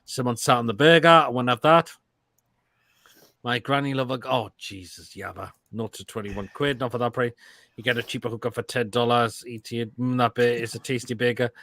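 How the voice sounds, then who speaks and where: A man's voice: medium pitch, steady tone, brisk, pushed and bright, no room sound. A man, hosting a casual live stream and giving crude, blunt verdicts on viewers' food photos between laughs.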